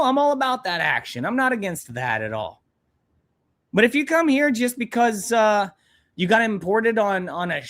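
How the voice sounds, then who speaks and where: A man's voice: sits high, fairly bright tone. A young man hosting a live stream, ranting angrily and bluntly with plenty of swearing. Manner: angry, profane, blunt ranting.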